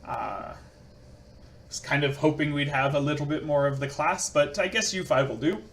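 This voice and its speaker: A man's voice: on the high side, normal speed, a bit bright. A man voicing a laid-back male combat teacher who gives offhand, casual instructions. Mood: explaining.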